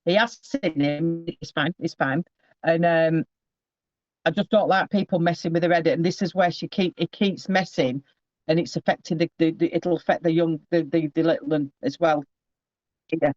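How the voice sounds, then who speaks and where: Guy doing a psychic reading on a video call, high voice, rambly, keeps saying hang on, dull dry sound. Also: steady tone, moderate pace, dry recording. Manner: chatty, rambling, keeps breaking off with asides. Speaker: psychic medium giving a reading. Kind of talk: casual one-to-one reading.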